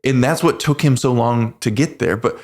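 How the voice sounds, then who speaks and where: A man in his forties, a veteran guest on a podcast, telling his story in earnest, halting speech with many restarts. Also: medium pitch, a little mellow. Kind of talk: casual storytelling interview.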